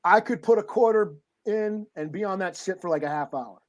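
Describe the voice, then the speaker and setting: A man's voice: high-pitched, a little fast. A man co-hosting a comic book podcast, telling stories in a laid-back way and laughing often. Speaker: podcast co-host. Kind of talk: casual chat.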